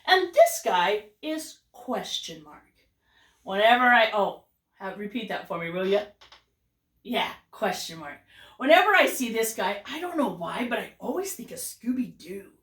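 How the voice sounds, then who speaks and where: A woman teaching a kindergarten class, with an animated, exaggerated sing-song delivery. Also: medium pitch, measured pace. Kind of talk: lesson for young children. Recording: roomy echo, voice from a distance.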